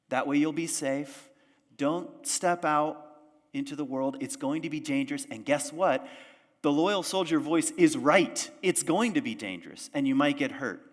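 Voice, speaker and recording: Guy preaching casually in a church, chatty, asks the crowd stuff, lots of reverb. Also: medium pitch. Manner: conversational, asks the audience questions. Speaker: pastor. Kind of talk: sermon. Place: church sanctuary.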